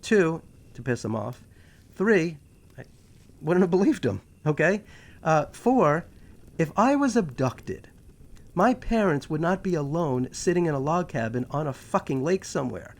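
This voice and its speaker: A man from New York with a New York accent, hosting a talk show in a casual, animated monologue full of sarcastic asides. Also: a little high, a little slow. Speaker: podcast host.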